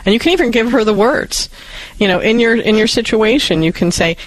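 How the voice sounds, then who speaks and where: A man co-hosting an advice radio show, speaking in a calm, measured, summarizing way. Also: sits high, poor audio. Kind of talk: advice call-in radio talk.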